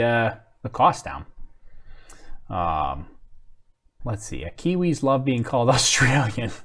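A man hosting a live commentary stream, talking casually, thinking aloud and answering viewer comments with self-mocking apologies. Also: mid-range voice. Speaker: livestream host.

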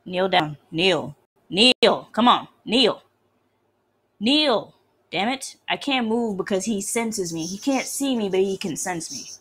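A woman's voice: medium pitch, animated, slow pace, fairly bright tone, breathy edge. A woman who casually comments as she plays a horror game, swearing and talking back at the game. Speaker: let's player.

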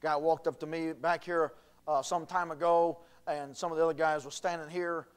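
A pastor with a high voice preaches in a church, dropping to low earnest tones and then rising to shouted declarations. He is a man, and his voice carries through the sanctuary. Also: little pitch movement, moderate pace, clean tone. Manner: swings from quiet earnest talk to shouted emphasis. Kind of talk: sermon.

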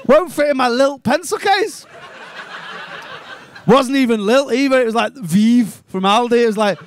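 A Liverpool man in his twenties doing a stand-up set, swearing freely and mocking people with quick put-on voices. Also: very high voice, expressive, a little hiss or hum. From England. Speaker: stand-up comedian. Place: comedy club stage.

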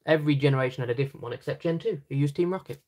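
Lower-pitched British woman, dry teasing. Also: very fast, a little mellow. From Britain. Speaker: channel host. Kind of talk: casual unboxing chat while sorting cards.

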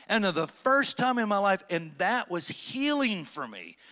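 Middle-aged male pastor, sermon delivery, bright forceful tone, slightly high voice, dramatic pauses. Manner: preaching with rising emphasis and dramatic slow phrases.

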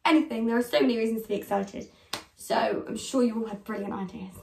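Her slightly high, darkish voice moves fast with some vocal fry as this British woman in her twenties cheerfully encourages children in an online drama class. The recording has a little hiss or hum, and she sounds distant in an echoey room.

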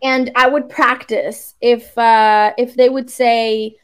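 Slow-speaking woman. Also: a little high, fairly even intonation. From Puerto Rico. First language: Spanish. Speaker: English tutor. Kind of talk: casual conversation lesson on a video call.

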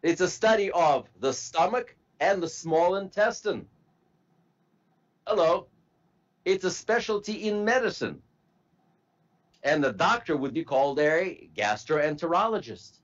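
Guy teaching a class, slow and patient, voice goes up and down a lot, kinda muffled recording. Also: fairly high pitch, big pitch swings. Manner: slow, patient, spells out word parts. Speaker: medical terminology instructor. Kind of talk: classroom lecture.

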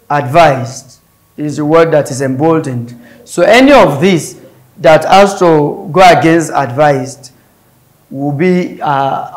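A male tutor giving an exam-prep English lesson, explaining stress patterns step by step and repeating words and syllables aloud. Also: a little high. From Nigeria.

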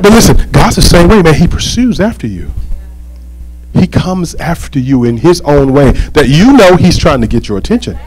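A male pastor delivers a sermon in a lively, sing-song voice that climbs and falls. He jokes with the congregation and keeps checking in with them. His voice sits a little above the usual male range. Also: fairly high pitch, slight background noise, poor audio. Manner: animated, joking, with call-and-response asides.

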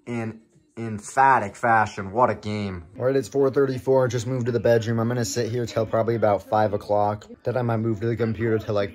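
A man vlogging from home, calling his baseball video game like a play-by-play announcer and getting excitable at the big moments. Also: mid-range voice. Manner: excitable, shouts and laughs at big plays. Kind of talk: play-by-play style game commentary.

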